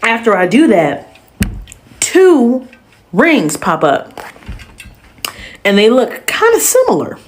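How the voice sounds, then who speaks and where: A woman telling a workplace story in a casual storytime style, animated and slangy, acting out the people she quotes. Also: on the high side, slow pace, pauses often.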